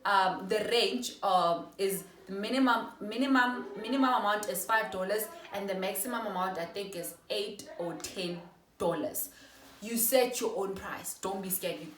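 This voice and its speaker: A young South African woman giving a casual how-to talk to her viewers, chatty and quick to correct herself. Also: mid-range voice, distant mic, a little hiss or hum. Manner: chatty, apologetic self-corrections. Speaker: vlogger. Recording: echoey room, voice off-mic.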